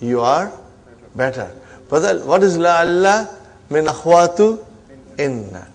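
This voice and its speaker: Arabic teacher drilling students, higher voice. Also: male voice, big pitch swings, very fast. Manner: drills students with repeated questions and "huh?" prompts; mixes English with Arabic and Islamic phrases. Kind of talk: classroom grammar lesson.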